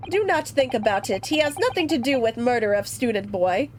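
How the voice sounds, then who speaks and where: A woman voicing a gruff, burly male sailor who speaks curt, broken English, reading lines from a game. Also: on the high side, expressive, a little fast, noisy background, natural voice. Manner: curt, clipped broken phrasing.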